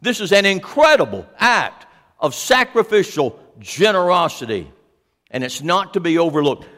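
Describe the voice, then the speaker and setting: Animated pastor preaching in a reverberant hall. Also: male voice, high-pitched, moderate pace. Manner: animated, asks the congregation questions. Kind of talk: sermon.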